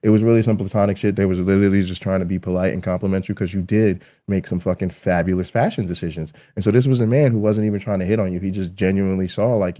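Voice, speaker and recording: A man with a fairly low, mellow voice rants at a fast clip as the host of his own show. He swears freely and repeats his points for emphasis, speaking straight to the audience. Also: steady tone. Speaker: show host and college lecturer. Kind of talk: heated rant to the audience.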